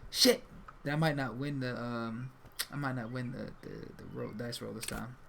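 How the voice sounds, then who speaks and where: A young man streams a game, swearing casually as he reads the dialogue aloud. His voice has a gravelly edge. Faint noise hums under the mic. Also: medium pitch, fairly even intonation, normal speed. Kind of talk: live gameplay commentary, reading dialogue aloud.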